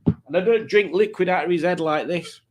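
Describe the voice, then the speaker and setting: A man's voice: high-pitched, brisk. A man hosting a casual livestream, chatting and teasing as he reads out viewers' comments. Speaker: livestream host reading chat.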